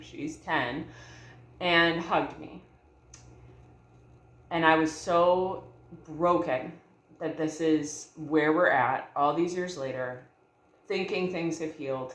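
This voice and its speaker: A woman's voice: sits low, fairly bright tone, slight background noise. Earnest woman in her thirties, echoey room. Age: 30s. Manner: earnest, heartfelt, addresses viewers as y'all. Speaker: vlogger. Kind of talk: personal storytelling to camera.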